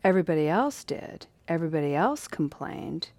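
A woman telling a story in a casual, lively, playful way with drawn-out phrasing. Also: deep voice, no echo.

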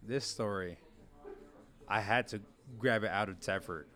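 A young man with a fairly low voice tells his stories in a relaxed, chatty way. He acts out the quoted lines, jumping up in pitch and volume whenever he imitates someone. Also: measured pace. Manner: animated storyteller, acts out quotes with big jumps in pitch. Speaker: former college quarterback guest. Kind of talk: casual storytelling chat.

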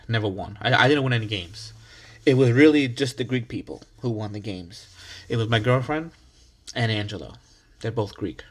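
A man with a fairly low pitch and a fairly bright tone rambles through a casual solo monologue on his own podcast. Hyped up on coffee, he restarts words and swears freely in a laid-back way.

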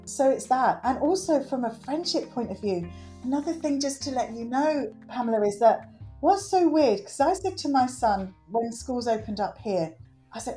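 A woman's voice: on the high side, normal speed, soft background music. A middle-aged woman, a guest in an interview, speaking earnestly and acting out quotes. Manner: earnest, animated, acts out quotes. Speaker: guest, works with children. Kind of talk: conversational interview.

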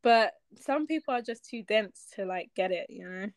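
A woman's voice: mid-range voice, expressive, moderate pace, no echo. A woman, a podcast co-host chatting casually and giving firm opinions. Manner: emphatic, opinionated. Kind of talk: casual chat.

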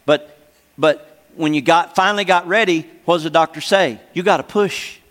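Older pastor preaching in a reverberant hall. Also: male voice, on the high side, normal speed, fairly bright tone. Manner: emphatic, repeats phrases, calls for "Amen?". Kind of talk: sermon teaching.

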